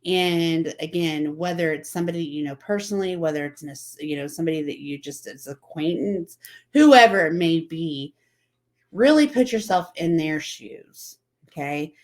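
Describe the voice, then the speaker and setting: Speaking at normal speed in a low voice, a woman hosts a casual motivational vlog talk. She chats along, quoting others and repeating herself.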